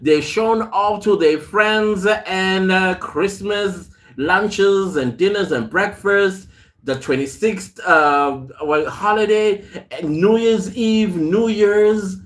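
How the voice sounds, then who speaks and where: A South African man hosts a casual live stream, reading viewer comments aloud and greeting people by name. His somewhat high, fairly bright voice moves at an unhurried pace, and his chatty stories wander, broken up often by laughs.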